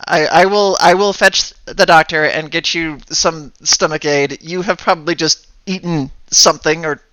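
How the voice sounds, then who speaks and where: A man's voice: fairly high pitch, steady tone, normal speed, pushed and bright, no room sound. A man voicing a strict, impatient middle-aged mother who scolds her child in a tabletop game. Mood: scolding. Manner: scolding, exasperated.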